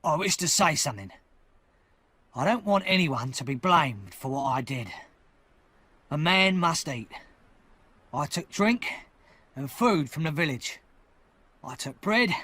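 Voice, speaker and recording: A man reading an audiobook, voicing a hard, defiant escaped convict who talks loudly and forcefully. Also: a little high, voice pushed up, full character voice. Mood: steady. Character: fierce hard old male escaped convict.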